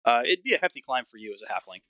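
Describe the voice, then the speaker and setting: A male game master narrates a tabletop game in a loose, relaxed way, filling gaps with ums and uhs. His voice is gravelly and bright. A dull, lo-fi mic with no room sound carries it. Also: mid-range voice, racing, dry recording.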